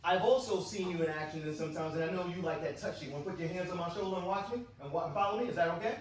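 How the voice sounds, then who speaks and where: A man running a team-building exercise, coaching in an upbeat, repetitive way. His voice sits high and is picked up from a distance in a roomy hall. Faint room ambience runs underneath. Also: rapid-fire. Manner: coaching, encouraging, repeats phrases. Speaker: workshop facilitator. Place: large indoor workshop room. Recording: echoey room mic from far off.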